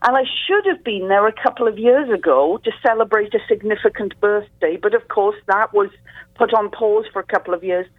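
A woman's voice: a little fast, no room sound. Welsh woman chatting over a phone line. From Wales. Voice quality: deep and sultry morning voice. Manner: chatty, self-deprecating humour. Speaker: crime author guest. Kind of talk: casual interview chat.

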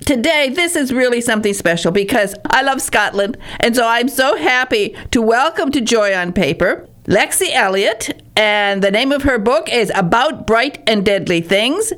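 A woman's voice: fairly high pitch, lively intonation, moderate pace, few pauses, fairly bright tone. A woman host who gushes about her guest, often stumbling and restarting her sentences. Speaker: podcast host. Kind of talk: warm chatty interview.

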